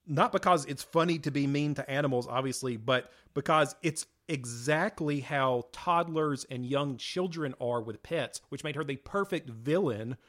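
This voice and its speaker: A man's voice: medium pitch, normal speed, hardly any pauses, fairly bright tone. A man in his thirties co-hosting a casual chat, explaining his thoughts with lots of hedges and fillers. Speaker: podcast co-host.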